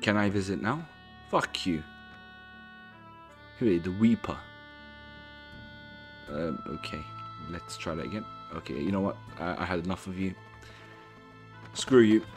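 A man with a low-set voice chats his way through a video game. He rambles and corrects himself as he reads the game's dialogue aloud. Faint background music plays beneath him. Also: lively intonation, a little slow, pauses often. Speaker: gameplay commentator. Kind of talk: casual let's-play commentary.

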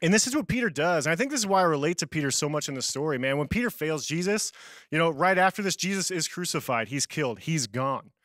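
Young male youth pastor, casual sermon, laughs at himself, slightly high pitch, dry sound. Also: animated, quick pace, a bit bright, no room sound. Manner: casual, self-deprecating storytelling with laughs.

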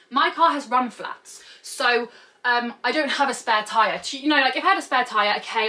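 A woman's voice: on the high side, pushed and bright, distant mic. A young woman vlogging, telling a story in a chatty way with lots of fillers and quoted dialogue. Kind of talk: casual storytelling vlog.

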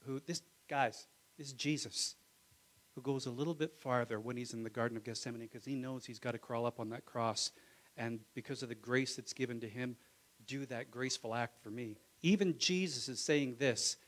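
In a church sanctuary, a male pastor preaches a live Sunday sermon at a normal speed in a medium-pitched voice. He swings from loud exclamations to hushed asides, calling "Amen?" to the congregation, and the recording is rough.

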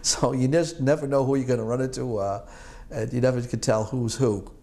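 A man's voice: medium pitch, fairly even intonation, fairly quick, dark tone. A man in his sixties from Boston, an Army veteran recalling his service in an oral history interview, rambling and chuckling with many fillers and restarts. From Boston, United States.

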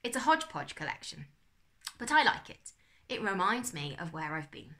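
A woman's voice: medium pitch, sing-song, moderate pace, sharp tone. A woman reading aloud and voicing a cheerful, fussy older uncle in a children's storybook, with a hearty, flustered manner. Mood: jovial.

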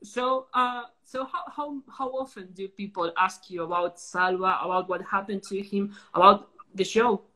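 A woman hosting a live video-call interview, quickly paraphrasing the guest with hesitant fillers. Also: mid-range voice, sharp tone. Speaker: host and interpreter. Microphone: phone or laptop on a video call.

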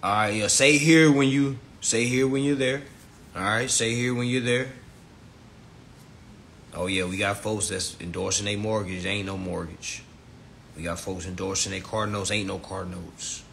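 A man's voice: lowish voice, steady tone, moderate pace, creaky, fairly bright tone, slight background noise. A man hosting a live stream, ranting bluntly and profanely, then coaching viewers step by step.

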